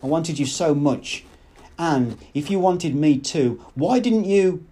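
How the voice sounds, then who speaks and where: A man reading an audiobook, voicing an impatient, exasperated young woman in a sharp manner. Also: fairly high pitch, lively intonation, slow, slightly rough, voice pushed up, exaggerated voice. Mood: coaxing.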